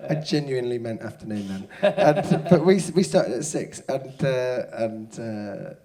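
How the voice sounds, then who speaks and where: A comedian guest telling a funny story in casual chat, often breaking into shouts and laughter as he acts out the people in it. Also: mid-range voice, measured pace. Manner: lively storytelling, shouting out quoted hecklers, laughing. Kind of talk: casual anecdote. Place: stage before a live audience.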